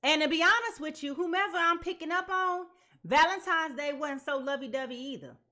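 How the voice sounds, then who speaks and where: A woman giving a live tarot reading to her viewers, talking in an animated, dramatic way. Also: sits high, a little fast. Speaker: tarot reader.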